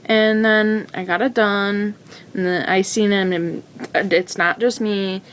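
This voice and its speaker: A woman's voice: mid-range voice, fairly even intonation, takes it slowly, a little hiss or hum. A teenage woman telling her own story in a rambling, casual way, full of fillers and restarts. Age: teens.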